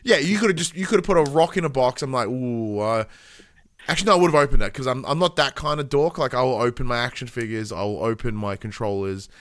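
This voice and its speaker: A man's voice: medium pitch, fast, hardly any pauses, fairly bright tone, no echo, clean studio sound. An Australian man in his thirties, co-hosting a podcast in a casual chat, rambling with lots of fillers and self-deprecating asides. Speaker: podcast co-host.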